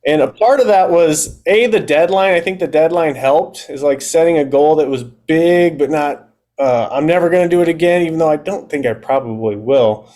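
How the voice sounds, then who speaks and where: A man's voice: on the high side, normal speed. Candid man telling his story. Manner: candid, animated, acts out his own past thoughts. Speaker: podcast guest, fitness coach. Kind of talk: casual conversational storytelling.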